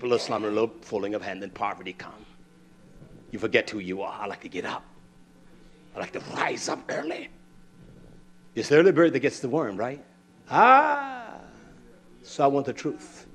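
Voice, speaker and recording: A man preaching a sermon, reading scripture aloud and scolding his listeners bluntly, swinging from loud outbursts to low mutters.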